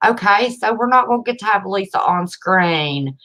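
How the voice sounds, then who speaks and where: Woman host, folksy and chatty, mid-pitched. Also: expressive, moderate pace, sharp tone. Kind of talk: casual live-stream chat.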